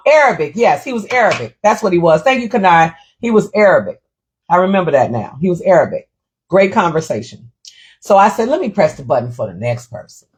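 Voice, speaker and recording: A middle-aged woman hosting a casual livestream, telling a story in an animated, indignant way and reading viewer comments aloud. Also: fairly low pitch. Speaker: livestream host.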